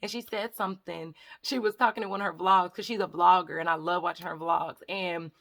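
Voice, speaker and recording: A woman's voice: fairly low pitch, steady tone, fairly quick, vocal fry, fairly bright tone. A woman vlogger chatting to her viewers in a casual, rambling storytime, often calling them y'all. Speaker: hair vlogger.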